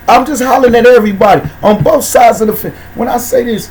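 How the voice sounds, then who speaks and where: A man hosting a casual talk show, speaking in slang and shouting out viewers by name. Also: very high-pitched, expressive, quick pace, hardly any pauses, rough recording. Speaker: host.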